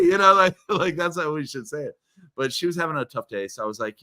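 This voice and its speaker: Male guest, lively rising and falling pitch, excited storyteller who restarts phrases a lot. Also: fast talker. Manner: animated storyteller, repeats words, swings loud and soft. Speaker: guest speaker. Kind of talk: casual interview chat.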